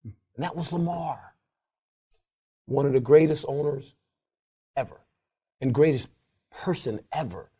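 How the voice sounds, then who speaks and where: A man's voice: expressive, unhurried, long pauses, mellow, breathy edge. An older man, a former football coach, telling stories in an interview with lots of emphasis and laughter, acting out quotes in a raised voice. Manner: emphatic, laughs often, acts out quotes in a high voice. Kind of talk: animated storytelling interview.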